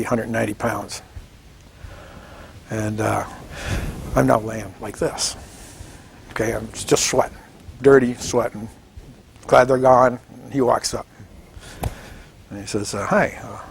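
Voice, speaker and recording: A gravelly-voiced man in his seventies from Washington State, recounting his memories in an oral history interview. He tells it in a lively storytelling way, acting out quoted voices and chuckling often. A faint hiss sits behind his voice. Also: fairly low pitch, measured pace, long pauses. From Washington State, United States. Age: 70s. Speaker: veteran interviewee.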